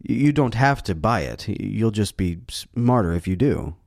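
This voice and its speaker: A man hosting a podcast, with a wry, deadpan, teasing way of talking. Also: on the low side, normal speed, creaky. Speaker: podcast host. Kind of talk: casual podcast chat.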